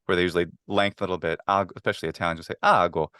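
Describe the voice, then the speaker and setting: A man's voice: deep voice, flat delivery, racing, fairly bright tone, clean tone, no echo, clean studio sound. A man being interviewed about Latin, talking eagerly in a casual way, with many fillers and restarts. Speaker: guest, Latin teacher.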